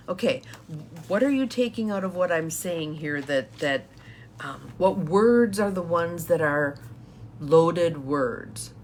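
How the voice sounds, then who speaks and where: Woman, coach, live-streamed talk, chatty, laughs a lot, lower voice. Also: slight background noise. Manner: chatty, laughs often, greets viewers. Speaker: empowerment coach.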